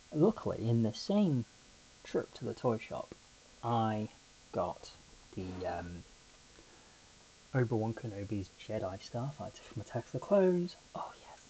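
A man's voice: medium pitch, warm tone, breathy edge, low-quality recording. A man hosting a podcast on his own, telling a rambling, chatty story full of asides. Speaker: podcast host. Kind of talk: casual solo podcast chat.

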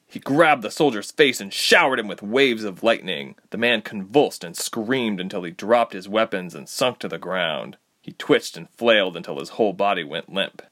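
A man narrating a fantasy audiobook in steady storytelling. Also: fairly low pitch, moderate pace, hardly any pauses.

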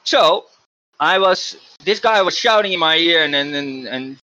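A man's voice: on the high side, lively intonation, measured pace, bright, forceful tone, muffled recording. A man hosting a podcast, telling a story in a casual, emphatic way with frequent restarts. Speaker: podcast host.

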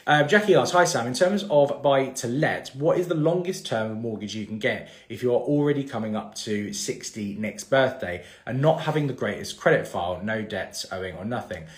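A man's voice: mid-range voice, moderate pace, few pauses. A man, hosting a casual live-stream Q&A about mortgages and rambling through fillers and restarts. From England. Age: 30s. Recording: echoey room.

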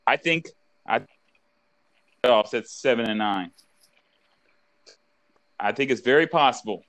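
A man's voice: medium pitch, lively intonation, slow, fairly bright tone, no room sound. A man co-hosting a podcast, making sports predictions in a laid-back, casually profane way. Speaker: podcast co-host.

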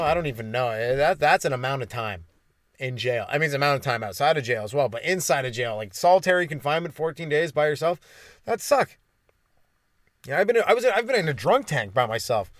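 A man who is a stand-up comedian, hosting his podcast in a rambling comedic monologue, stumbling over his words and mocking his own dark jokes. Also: fairly high pitch, very animated, fairly quick, dry recording, studio quality. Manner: self-deprecating, stumbling and restarting, dark jokes.

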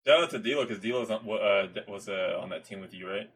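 A young man hosting a podcast, talking in halting, filler-heavy casual chat and laughing along. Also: fairly low pitch, a bit bright, husky. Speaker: podcast host.

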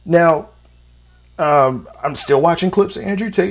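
This man in his thirties hosts a casual solo podcast at a measured pace, his fairly high voice creaky. He speaks bluntly with profanity, and his voice jumps sharply upward to stress a point.

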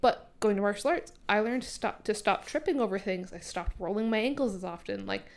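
A woman's voice: mid-range voice, fairly quick, gravelly. A woman co-hosting a podcast, chatting casually with many fillers and frequent laughter. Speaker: podcast co-host. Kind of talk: casual chat.

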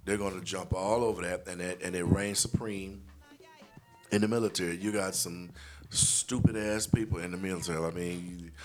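A man's voice: deep voice, steady tone, normal speed, a little mellow, faint music behind. A man co-hosting a casual podcast, talking in long emphatic opinions full of "you know" fillers. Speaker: podcast co-host.

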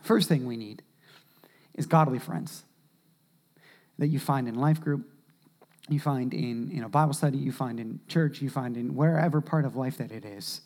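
Male pastor, sermon delivery, very animated, wide swings from shouting to near-whisper. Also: mid-range voice, normal speed, pauses often.

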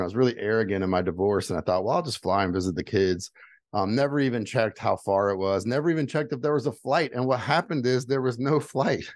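A middle-aged man with a voice of ordinary pitch, speaking candidly and earnestly in a motivational tone. He repeats key phrases and lifts his delivery when he hammers home a point. The sound is dry and close, with no room around it. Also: no room sound. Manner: builds to emphatic, rising delivery when giving advice. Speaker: guest. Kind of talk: personal storytelling, motivational talk.

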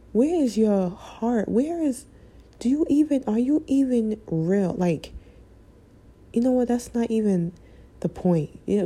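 A woman speaking in an emotional personal vlog, halting and impassioned, close to tears. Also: mid-range voice, mellow, husky. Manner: halting, impassioned, breaking off mid-sentence.

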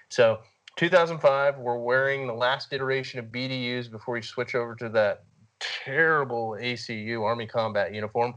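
Earnest man, low dull-sounding voice. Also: a bit bright. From United States. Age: 30s. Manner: earnest, many "you know" fillers. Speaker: guest, army veteran. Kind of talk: conversational storytelling.

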